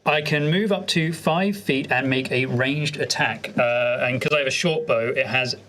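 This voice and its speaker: A man's voice: medium pitch, moderate pace, a bit bright. A man playing a tabletop game who talks casually and keeps asking eager questions about the rules. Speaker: player.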